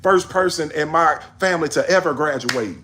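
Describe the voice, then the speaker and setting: A man's voice: a little high, moderate pace, bright, forceful tone, a little hiss or hum. A man in a casual monologue on world events, emphatic and preachy, scolding his listeners in slangy speech. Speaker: commentator.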